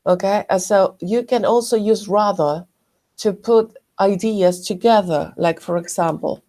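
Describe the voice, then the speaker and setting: A woman teaching an English grammar lesson, explaining slowly and carefully and correcting herself often. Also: mid-range voice, dark tone. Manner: slow, careful explanations with frequent self-corrections.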